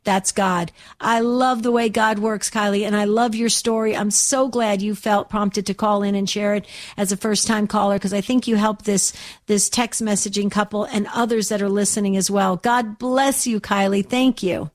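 A woman's voice: medium pitch, fairly even intonation, moderate pace. A woman hosting a call-in radio show, talking in an effusive, gushing way with many repeats.

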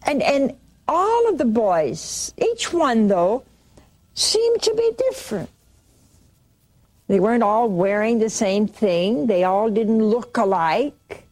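A woman preaching, retelling a saint's vision with quoted dialogue and halting restarts. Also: on the high side, very animated, darkish tone. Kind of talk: sermon storytelling.

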